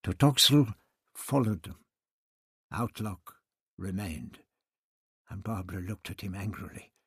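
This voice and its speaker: A man reads an audiobook in a slow, measured way, his pitch rising and falling with lively expression. His voice is husky and breathy, and the recording is close and dry. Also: no echo. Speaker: audiobook narrator. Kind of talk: scripted narration.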